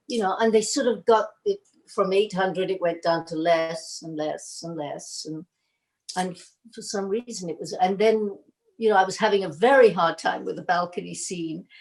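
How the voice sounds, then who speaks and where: A woman's voice: medium pitch, low-quality recording. Older woman telling career stories. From Argentina. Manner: rambling, animated, acts out quoted lines. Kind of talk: casual storytelling.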